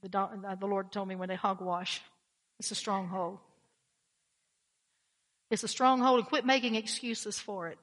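A woman's voice: medium pitch, fairly even intonation, normal speed, pauses often, fairly bright tone, long reverb tail. A woman pastor preaching a blunt, emphatic sermon, often repeating her key phrases.

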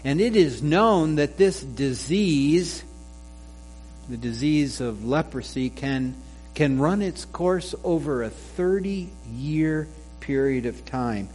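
Speaking in a rather high, darkish voice with lively intonation, a male pastor opens his sermon with a joke acted out in different voices. His pace stays slow and measured as he moves on to read and explain a scripture passage, and a faint mains hum sits under the audio.

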